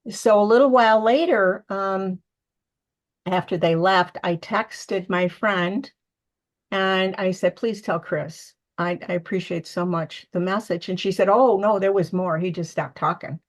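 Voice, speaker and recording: A woman's voice: mid-range voice, measured pace. An older woman, a medium and author, telling personal stories in a casual interview from her living room, acting out quotes with feeling. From United States. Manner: emotional, animated storytelling with acted-out quotes.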